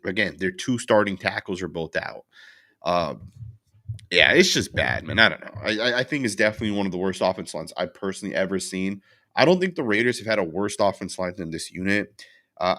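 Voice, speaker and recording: A young man with a low, deep voice and a bright, forceful edge, venting about a loss in a casual recap. He rambles and restarts, packs his talk with fillers, and stops to answer viewers' chat comments. His frustration holds steady from start to finish. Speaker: sports channel host. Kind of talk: casual post-game recap, reading chat.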